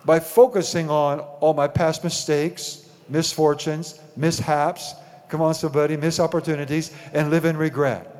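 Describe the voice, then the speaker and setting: Pastor, man, fairly high voice, preaching with call-and-response, long church reverb. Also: normal speed, a little mellow. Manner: preaching with rising emphasis and call-and-response questions. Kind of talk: sermon. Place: church sanctuary.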